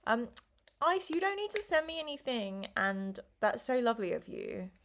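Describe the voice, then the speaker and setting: Tired, slow-talking woman streamer. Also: on the high side, very animated, a bit bright, a little hiss or hum. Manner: slow, rambling, chatty with frequent ums and apologies. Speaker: live stream host running a gamebook play. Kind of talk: casual live-stream chat.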